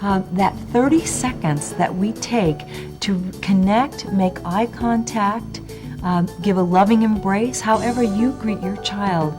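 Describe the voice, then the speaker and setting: A middle-aged woman speaking calmly to camera about parenting, measured with small fillers. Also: medium pitch. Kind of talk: interview to camera. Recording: guitar music underneath.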